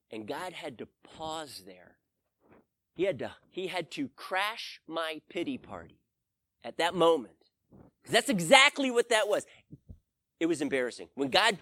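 A man's voice: on the high side, no echo. A man preaching a sermon, telling a personal story and acting out his own prayers with rising intensity. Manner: animated, acts out his own pleading prayers in a raised voice. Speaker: pastor.

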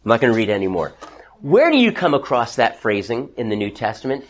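A man with a mid-range voice speaks fast, his pitch swinging widely. He leads an interactive Bible study for a small group in a church classroom, talking conversationally, often restarting sentences and putting questions to the class.

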